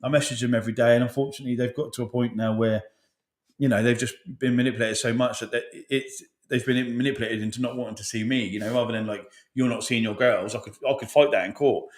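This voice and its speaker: A man's voice: mid-range voice, fairly even intonation, fast. A man, a father, co-hosting a podcast, talking emotionally with lots of swearing and restarts. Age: adult father. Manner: emotional, swears a lot, many restarts and fillers. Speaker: podcast co-host. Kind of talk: casual podcast chat. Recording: echoey room.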